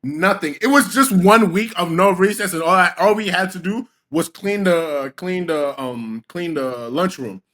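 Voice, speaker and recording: Animated young New man telling stories. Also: high voice, measured pace, few pauses. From Senegal. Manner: animated storyteller, acts out his own quotes. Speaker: podcast co-host. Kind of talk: casual chat.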